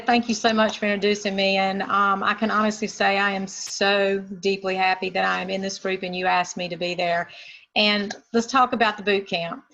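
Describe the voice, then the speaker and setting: A woman's voice: medium pitch, a bit bright, highs cut off. Chatty middle-aged woman telling her story. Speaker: guest speaker. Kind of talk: personal testimonial.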